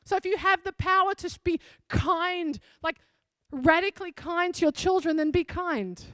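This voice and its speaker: A woman pastor with a high voice tells a story from the pulpit, earnest and conversational. The sound is close and dry, with no room around it. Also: normal speed, pushed and bright, no room sound. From South Africa. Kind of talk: sermon.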